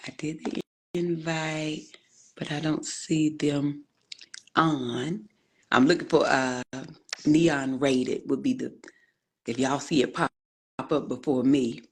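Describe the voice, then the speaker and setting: A woman in her forties chats casually on her own livestream, speaking into a phone or laptop mic. She greets viewers by name, calls them honey, and keeps up a friendly, excited patter while waiting for her guest. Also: low voice, takes it slowly, pauses often. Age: 40s. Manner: warm, chatty Southern-style greetings, calls viewers honey and y'all. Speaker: livestream host.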